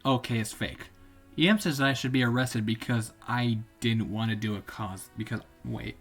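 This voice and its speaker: A man's voice: mid-range voice, moderate pace, fairly bright tone, slightly rough, faint music behind. A man streaming live, reading stories aloud in a casual, rambling way and often stopping to correct himself.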